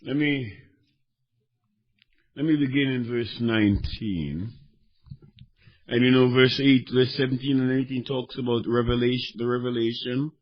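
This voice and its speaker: A man preaching a sermon, swinging between fervent shouting and quieter teaching as he reads scripture. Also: medium pitch, steady tone, a little slow, long pauses. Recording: dull lo-fi recording.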